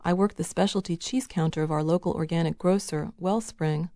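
A woman reading the lines of a polite, steady young man engaged to be married. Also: fairly low pitch, dry recording, clean studio sound, lightly acted. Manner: polite, quick.

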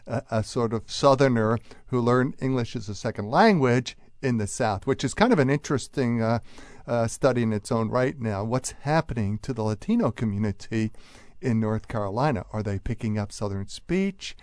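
Man from Philadelphia, guest expert, mid-pitched, dry studio sound, thoughtful with uhs. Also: expressive, moderate pace, a little mellow, dry recording. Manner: thoughtful, explanatory, frequent uhs. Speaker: guest linguist. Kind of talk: radio interview.

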